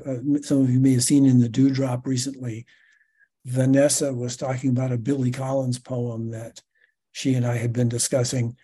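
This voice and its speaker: Guy with a flat husky voice, chiming in, kinda stumbles. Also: medium pitch. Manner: measured, stumbling over restarts. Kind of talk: casual group sharing.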